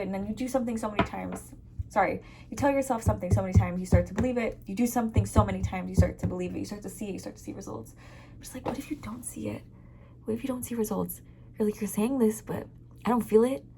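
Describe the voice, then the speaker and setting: A woman's voice: medium pitch, darkish tone, slight background noise. Rambling young woman vlogging at home. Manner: rambling, self-interrupting, laughing asides. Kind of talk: casual self-help vlog talk.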